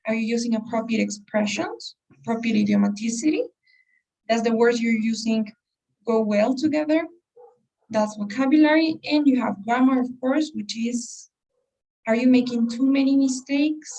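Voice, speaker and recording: Lady teacher going over test stuff, lots of questions, kinda high voice, mic a bit far off. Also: normal speed, gravelly, warm tone. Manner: explains with many rhetorical questions. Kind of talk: online class lecture.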